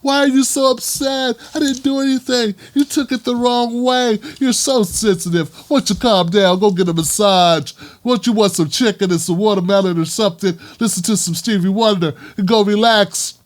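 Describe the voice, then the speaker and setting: A man's voice: high voice, steady tone, normal speed, hardly any pauses, close to an everyday voice. A man putting on the voice of a smug, dismissive man who pretends to be innocent and mocks the person he is talking to. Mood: mocking. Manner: mocking, falsely puzzled and condescending.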